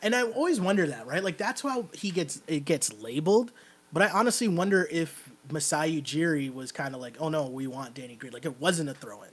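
A man's voice: a little high, expressive, a little fast, breathy edge. A Canadian man hosting a podcast, chatting casually about basketball and often checking in with "right?". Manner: talkative, keeps asking "right?". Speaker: podcast host. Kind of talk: casual sports chat.

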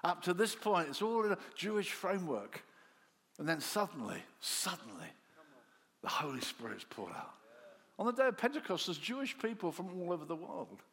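A man preaching a sermon, telling the story in an animated way and acting out the disciples' voices, dropping to soft low tones for quiet lines. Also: a little fast, vocal fry. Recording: long hall reverb.

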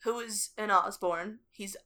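A woman co-hosting a podcast, telling a story in casual chat, animated and laughing often. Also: medium pitch, measured pace. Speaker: podcast co-host.

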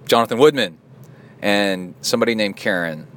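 A man's voice: deep voice, moderate pace, fairly bright tone, slight background noise. A man hosting a casual podcast, joking and goofing around as he reads out donations. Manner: playful, joking, goofy asides. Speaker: podcast host.

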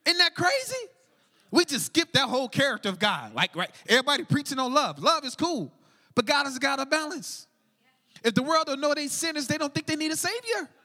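A man preaching a lively sermon, swinging from shouts down to near whispers, full of casual slang. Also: very high voice, a little fast, big-room sound. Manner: energetic, shouting and dropping to a hush, casual slang. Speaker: pastor.

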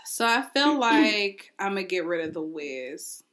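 A woman banters on a casual podcast, playful and doubtful, tossing off quick exclamations. Her voice sits at a middle pitch for a woman. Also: big pitch swings, fairly bright tone. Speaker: podcast co-host. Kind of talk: casual chat.

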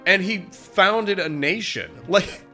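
A man co-hosting a casual podcast, a little sick and hoarse, rambling and laughing as he talks. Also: sits high, slow pace, pushed and bright, soft background music. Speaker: podcast co-host.

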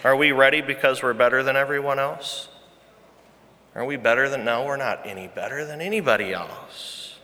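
A man's voice: medium pitch, normal speed, bright, forceful tone. A man preaching a sermon as pastor, earnest and emphatic, repeating his key phrases. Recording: long reverb from a large hall.

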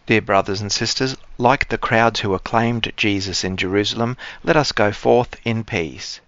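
A man leading liturgical prayers and reading the Gospel aloud as a priest, in a solemn, measured way. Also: fairly low pitch, fairly bright tone, no echo, highs cut off.

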